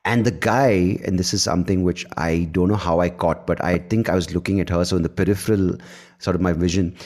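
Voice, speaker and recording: A man with a fairly low voice hosts a podcast interview. He talks in a loose, casual way. He is blunt and swears freely, and his voice heats up when something bothers him. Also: fairly even intonation, fairly quick, darkish tone. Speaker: podcast host.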